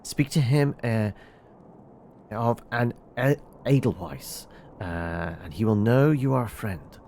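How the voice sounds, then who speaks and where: A man's voice: medium pitch, animated, slow, darkish tone, slight background noise. A man voicing a loyal, secretive male knight in a fantasy game, talking in an urgent, confiding way.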